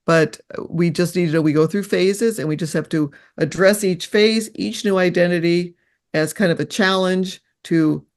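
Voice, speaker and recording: An older woman with a voice on the low side, interviewed as a guest, tells personal stories in an earnest, reflective, halting way.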